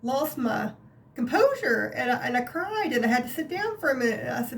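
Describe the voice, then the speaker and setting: A woman vlogger telling a personal story in a chatty, animated way, with many fillers and some laughter, from her craft room at home. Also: high-pitched, fairly quick, creaky. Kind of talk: casual storytelling to camera.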